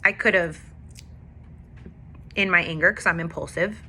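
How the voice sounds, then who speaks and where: A woman with a bright, forceful voice pitched a little low speaks candidly about her struggles in a personal faith vlog. She tells her story in an emotional, confessional way. A faint hum sits behind her. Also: normal speed. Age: adult with a daughter. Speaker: faith vlogger.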